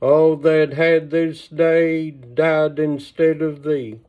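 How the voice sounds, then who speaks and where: A sorrowing old mother cries over her son, voiced by a man reading aloud. The lament is slow and measured, a little high for a man. It comes through thin and tinny, like a phone line. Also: flat delivery. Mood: grieving.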